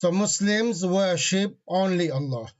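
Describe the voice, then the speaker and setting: A man with a somewhat high voice leads an online grammar lesson, quizzing his students as he goes. The sound is dull and lo-fi, as if from a basic class call. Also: measured pace. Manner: asks the class questions, reads Arabic parsing terms. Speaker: Arabic grammar teacher.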